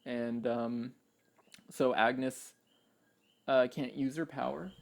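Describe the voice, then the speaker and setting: Gravelly man joking in casual chat. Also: mid-range voice, fairly even intonation, takes it slowly. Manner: jokey, sarcastic. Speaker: podcast co-host.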